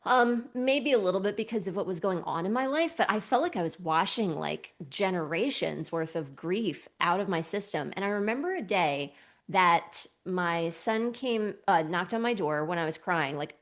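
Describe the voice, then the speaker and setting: A woman's voice: fairly low pitch, expressive, moderate pace. Enthusiastic woman coach, laughing often. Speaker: somatic coach and co-host. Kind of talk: casual podcast chat.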